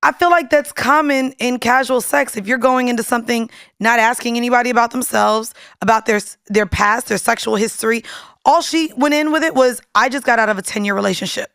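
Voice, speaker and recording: A woman podcast co-host talks in a fairly high, smooth voice, recorded dry in a studio. She chats reflectively and stumbles over a word now and then. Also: a little fast, a bit bright, dry recording. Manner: reflective, conversational, stammers at times. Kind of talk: casual chat and show sign-off.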